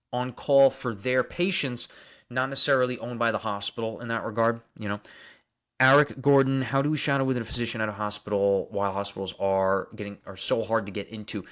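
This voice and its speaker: A man's voice: on the low side, fairly bright tone. A young man with a Long Island accent hosts a live stream, reading out viewer comments and answering them casually. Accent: Long Island New York. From Long Island, New York. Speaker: dentist livestream host.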